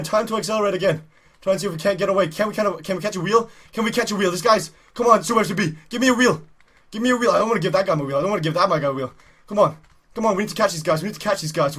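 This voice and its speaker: A man giving excited live commentary while playing a cycling race game, urging himself on, repeating phrases and shouting. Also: sits high, slightly rough. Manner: urgent, repetitive, shouting in excitement. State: out of breath. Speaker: gaming YouTuber.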